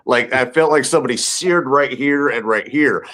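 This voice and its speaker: A man's voice: mid-range voice, moderate pace, fairly bright tone. A man, a guest actor and stand-up comedian, telling jokey stories in a casual interview, full of fillers and restarts from somewhere indoors. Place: indoors, tucked in somewhere warm.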